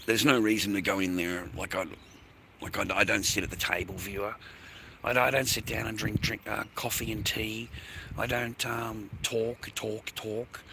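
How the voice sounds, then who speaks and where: A man's voice: fairly low pitch, level tone, moderate pace, gravelly, background noise. An Australian man rambling through a live-stream monologue, swearing constantly and sounding aggrieved, outdoors in an industrial area. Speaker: livestreamer.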